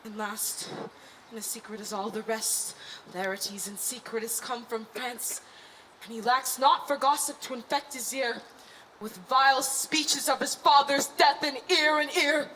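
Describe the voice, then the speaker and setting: A woman's voice: a little high, fairly even intonation, measured pace, slight background noise, poor audio. A woman acting a worried king in a Shakespeare staging, urgent and commanding. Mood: hushed. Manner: urgent, swinging from hushed to commanding. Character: troubled, anxious king.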